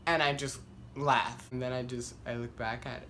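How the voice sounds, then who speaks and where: A young man vlogging, telling a story casually and rambling with lots of "like" fillers, getting animated as he goes. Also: medium pitch, a little slow, slight background noise. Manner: rambling, heavy use of "like", self-deprecating; animated, voice climbs when worked up.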